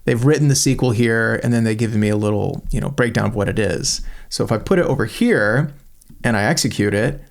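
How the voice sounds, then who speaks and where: Man thinking aloud through a software demo. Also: on the low side, brisk, creaky. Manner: thinks aloud, enthusiastic and chatty. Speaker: channel host reviewing a software tool. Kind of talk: screen-recorded software walkthrough.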